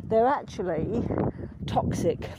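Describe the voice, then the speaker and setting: A woman strolls outdoors and talks about the birds and plants around her in a loose, hesitant way full of ums, breaking into delighted outbursts. Her voice sits at an ordinary pitch for a woman. Heavy wind noise roars over the recording. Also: lively intonation, slow. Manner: chatty, hesitant with many ums, sudden delighted exclamations. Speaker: nature walk guide. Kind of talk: casual walking nature commentary. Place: outdoors on a windy nature reserve.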